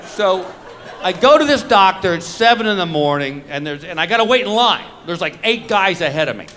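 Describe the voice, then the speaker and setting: Lively high-voiced comedian man. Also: fairly quick, a faint crowd. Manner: animated, self-mocking, acts out his own reactions. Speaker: stand-up comedian. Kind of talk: live stand-up storytelling. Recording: noisy live comedy recording.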